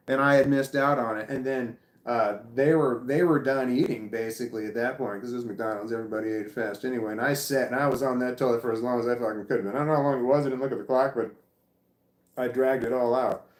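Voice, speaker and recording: A man's voice: medium pitch, quick pace. A man telling a personal story in a rambling, unscripted way, often restarting sentences and swearing. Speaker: vlogger. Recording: echoey room.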